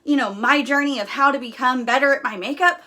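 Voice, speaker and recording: A woman's voice: sits high, a little fast, pushed and bright. A young woman hosting a casual live stream, talking bluntly and candidly with lots of fillers.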